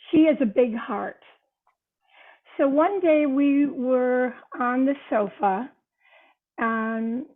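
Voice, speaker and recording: Older woman with a fairly high voice, speaking earnestly as a podcast guest. Her voice comes through a thin, phone-like line that has lost its lows and highs. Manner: earnest storytelling. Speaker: guest author. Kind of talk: podcast conversation. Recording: tinny phone-line sound.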